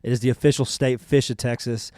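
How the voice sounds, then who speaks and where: Man offering nerdy trivia asides, smooth voice. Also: medium pitch, flat delivery, brisk, a little mellow, no echo, clean studio sound. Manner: adds fact-heavy asides, apologetic about interrupting. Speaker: podcast co-host. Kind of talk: casual chat.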